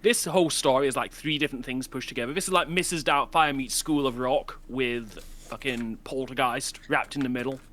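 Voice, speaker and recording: A man's voice: mid-range voice, brisk, hardly any pauses, a bit bright. A young man co-hosting a casual book club chat. He talks bluntly and swears.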